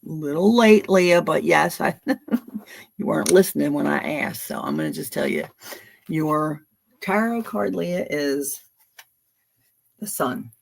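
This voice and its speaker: A woman's voice: low voice, big pitch swings, takes it slowly, vocal fry, long pauses, breathy edge. A woman in her seventies from Philadelphia, reading tarot on a livestream and chatting casually, rambling from story to story with frequent laughter. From Philadelphia, USA. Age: 70s. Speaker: tarot reader hosting a livestream.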